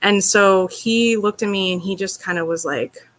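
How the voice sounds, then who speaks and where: A woman's voice: medium pitch, normal speed. A woman being interviewed, telling a personal story in an earnest, open way, with lots of "like" and "you know". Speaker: interview guest.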